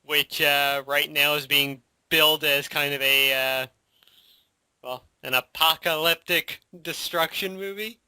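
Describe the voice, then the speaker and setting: Guy with a fairly high, super bright voice, dead dry mic, chatty and laughs a lot. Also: steady tone, measured pace, smooth, no echo. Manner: laughs often, lots of fillers and agreeing murmurs. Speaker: podcast co-host. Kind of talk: casual chat.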